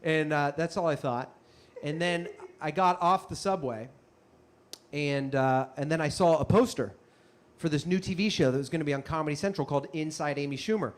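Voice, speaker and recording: A young man telling a comic story on stage, animated and self-mocking with quick asides. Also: fairly high pitch, a little hiss or hum. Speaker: comedian and storyteller. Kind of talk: live stand-up storytelling.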